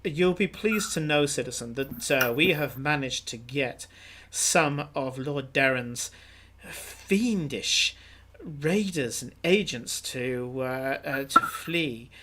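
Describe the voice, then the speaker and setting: A man's voice: medium pitch, lively intonation, slow pace, pushed and bright, slight background noise. A man voicing a pompous, self-important half-elf guard officer who rambles with many hesitations. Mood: boastful. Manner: long-winded, full of hesitations.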